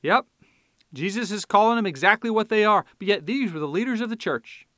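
A man preaching a sermon, swinging from quiet explanation to loud, fiery scripture reading. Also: high-pitched, expressive, a little fast, dry recording, clean studio sound.

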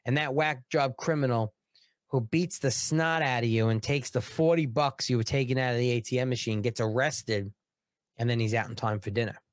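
A man's voice: medium pitch, fairly even intonation, moderate pace, no room sound, clean studio sound. Indignant male political commentator. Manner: emphatic, indignant, repeats words for emphasis.

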